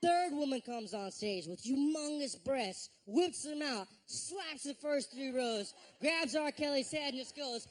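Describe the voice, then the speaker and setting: A man performing a stand-up routine on stage, telling stories in an animated way with voiced reactions. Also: very high voice, measured pace, hardly any pauses. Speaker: stand-up comedian. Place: live show on stage.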